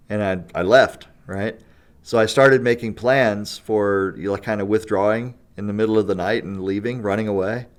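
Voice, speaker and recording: A man's voice: fairly low pitch, moderate pace. A man telling a long story in a casual podcast chat. He laughs often and keeps checking in with "right?" and "you know". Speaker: guest storyteller.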